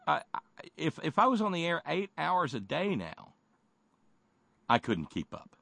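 A middle-aged man co-hosting political talk radio, sardonic and halting, with frequent restarts and stammers. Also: a little high, wildly swooping pitch, vocal fry, sharp tone, husky, no echo. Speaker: radio host.

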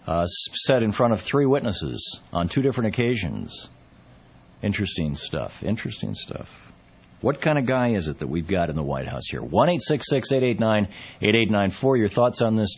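A man's voice: lowish voice, husky, dull audio. A man hosting a call-in political talk radio show, talking conversationally with frequent restarts and fillers.

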